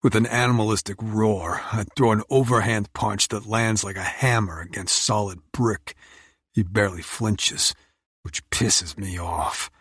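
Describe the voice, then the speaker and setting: A man narrating a first-person romance audiobook in an intense, measured, brooding way. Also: fairly low pitch, steady tone, a bit bright, breathy edge, no echo, clean studio sound.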